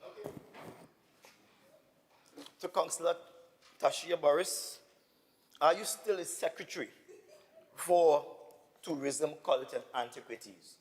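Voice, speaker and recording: A man's voice: a little high, slow pace, pauses often. A man, an assemblyman debating in a legislative chamber, speaking insistently and with indignation, often repeating himself. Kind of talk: parliamentary debate. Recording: reverberant assembly hall.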